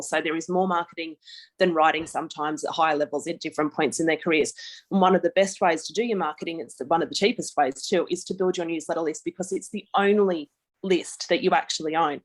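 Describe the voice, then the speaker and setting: An Australian woman giving a chatty webinar presentation over a video call, laughing easily. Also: on the low side. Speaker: guest speaker.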